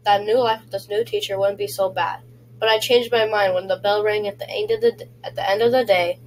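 A woman reads a children's chapter book aloud at a middling pitch. She stumbles often and goes back to fix her words. A faint hum runs under the recording. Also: lively intonation, darkish tone, rough recording. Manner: halting, with frequent slips and restarts. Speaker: reader.

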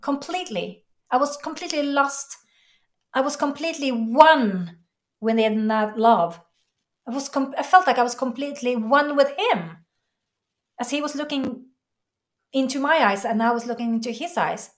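A woman interview guest telling a personal story in an earnest, emotional way, halting and restarting. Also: sits high, lively intonation.

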